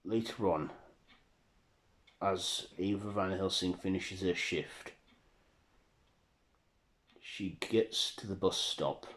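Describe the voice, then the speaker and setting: A man's voice: sits low, slow pace, pauses often, fairly bright tone. A man narrating a horror fan story in a plain, unpolished reading.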